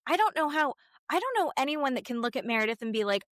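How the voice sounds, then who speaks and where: A fairly high-voiced woman talks through a reality TV episode in loose, casual chat. She is blunt and swears freely, slipping into the cast members' voices as she quotes them. The sound is close and dry. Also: big pitch swings, fast, a bit bright, no echo. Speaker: podcast co-host.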